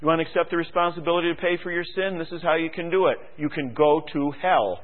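A man delivers a sermon in a fairly high voice, moving from low, thoughtful asides to loud, fervent exhortation. He keeps pressing the congregation with rhetorical questions. The sound is thin and tinny, like a phone-line radio broadcast. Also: fast. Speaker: preacher.

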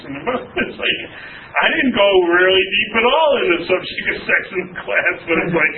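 A man's voice: high-pitched, lively intonation, moderate pace. A man preaching informally to his church class, chatty and laughing often as he acts out quotes. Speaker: pastor teaching a Bible class. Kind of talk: informal sermon with anecdotes. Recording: distant tinny phone-like audio, faint noise.

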